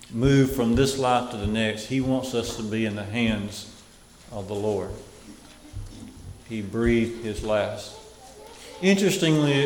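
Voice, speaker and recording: A man preaching a Sunday sermon, earnest and measured, with weighty pauses. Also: mid-range voice, a little hiss or hum. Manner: slow, earnest, emphatic pauses. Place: church sanctuary. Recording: echoey hall with faint ambience.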